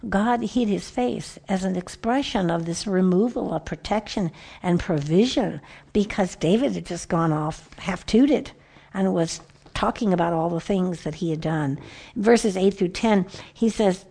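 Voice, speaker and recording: A woman giving a conversational Bible teaching to a group of women, animated and storytelling, often restarting her sentences. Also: medium pitch, a little slow, vocal fry. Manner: lively, animated storytelling with frequent self-corrections.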